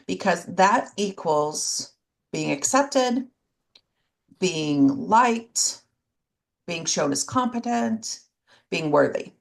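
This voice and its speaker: A woman's voice: lowish voice, expressive, extremely slow, gravelly, pauses often. A woman co-hosting a podcast, speaking candidly about herself with self-deprecating humor and dry sarcasm in casual conversation. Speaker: podcast co-host. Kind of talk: casual chat.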